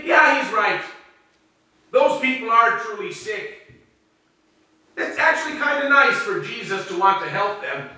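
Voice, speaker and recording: A man's voice: extremely high pitch, sharp tone. A man preaching a sermon in a dramatic way, acting out the voices he quotes. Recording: very echoey room, speaker far from mic.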